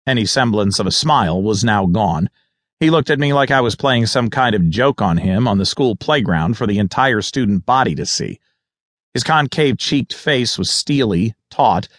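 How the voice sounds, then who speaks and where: A man's voice: lowish voice, fairly bright tone, dry recording, clean studio sound. A man narrating a thriller audiobook in the first person, with a wry, sardonic manner.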